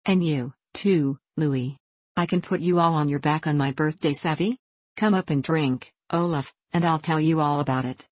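A woman's voice: deep voice, normal speed, dry recording. A woman voicing a boisterous male gold-rush adventurer about to turn thirty, speaking in a hearty, folksy way that calls out to a whole room.

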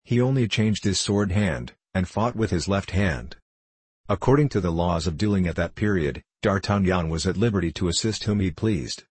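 Give me a man reading a classic novel, deep and husky. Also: lively intonation, moderate pace, darkish tone, no echo. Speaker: narrator. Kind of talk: audiobook narration.

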